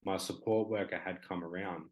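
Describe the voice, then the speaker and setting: A man's voice: deep voice, steady tone, moderate pace, low-quality recording. A man in his twenties with an Australian accent, a talk show guest speaking candidly and rambling with many fillers. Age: 20s.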